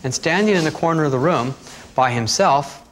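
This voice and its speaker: A man teaching breathing techniques, talking calmly and steadily through guided instructions. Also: on the high side, moderate pace. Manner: calm, steady instructional talk with asides.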